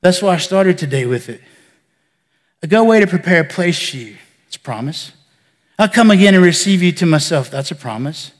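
A man pastor preaching a sermon, building emphasis and then falling to soft near-whispers. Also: high-pitched, animated, a little fast, long reverb tail. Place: church sanctuary.

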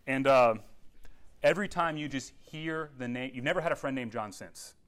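A man's voice: medium pitch, moderate pace, a bit bright. Chatty youth pastor man. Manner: conversational, checks in with "all right?" and "okay?". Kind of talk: casual Bible lesson to young people.

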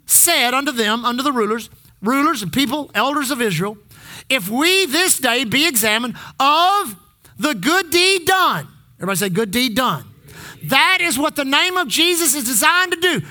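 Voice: mid-range voice, pushed and bright. A pastor preaching a sermon in church, calling on the congregation to repeat phrases back. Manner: exhorting, call-and-response with the congregation.

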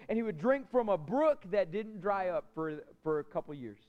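A man delivers a sermon from the pulpit, his voice sitting high for a man. He presses hard on key lines, then sinks to a near-whisper. The recording is dull and lo-fi, with a muffled top end. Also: very animated, normal speed, hardly any pauses. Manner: impassioned preaching, swinging from loud emphasis to soft near-whisper. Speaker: pastor.

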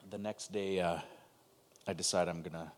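Man in his thirties, very low voice, emotional first-person testimony on a video call with halting pauses. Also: fairly even intonation. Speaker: guest telling his story.

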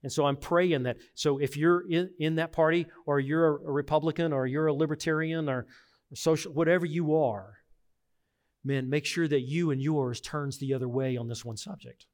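Middle-aged guy preaching a sermon, kinda high voice, earnest, gets quiet then loud and pushy. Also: fairly even intonation, moderate pace. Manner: earnest, emphatic, swings from hushed to forceful. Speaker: pastor.

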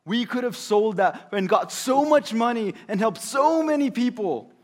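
A male preacher voicing an indignant male disciple who complains loudly that costly perfume was wasted. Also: high-pitched, a little slow, pitched above the performer's own voice. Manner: loud, exasperated, insistent.

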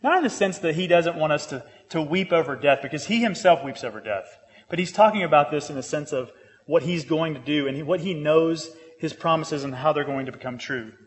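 A man's voice: on the high side, brisk. A man delivers a sermon. He speaks earnestly and restates key lines for emphasis. His words ring with a long reverb through a church hall. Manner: earnest, repeats phrases for emphasis, grows lively with humor. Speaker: pastor.

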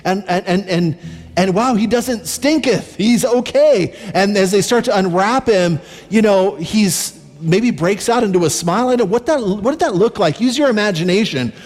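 A man preaching a sermon as a pastor, conversational and slowing down on key points. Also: sits high, expressive. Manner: conversational preaching, slows down for emphasis. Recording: long reverb from a large hall. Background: faint music.

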